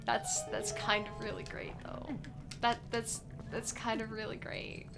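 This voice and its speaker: Over loud music, a young woman streams a randomized adventure game, chatting and rambling playfully with plenty of "like." Her fairly high voice has vocal fry, fairly even intonation, and a measured pace.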